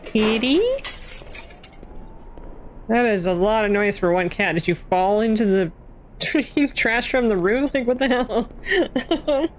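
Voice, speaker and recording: A woman's voice: a little high, takes it slowly, pauses often, a little hiss or hum. Jumpy young woman gaming. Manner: jumpy, self-mocking, chatty. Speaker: gaming channel host. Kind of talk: horror game playthrough commentary.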